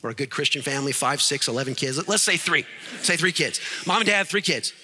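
Animated preacher in a reverberant hall. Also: male voice, on the high side, fast, slightly rough. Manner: animated preaching, acts out voices in stories. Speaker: pastor. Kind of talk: sermon.

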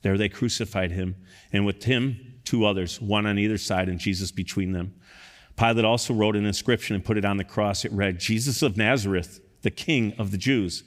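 A man preaching a sermon, reading scripture aloud and rising to loud, emphatic peaks. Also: lowish voice, moderate pace, in a large hall. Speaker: pastor.

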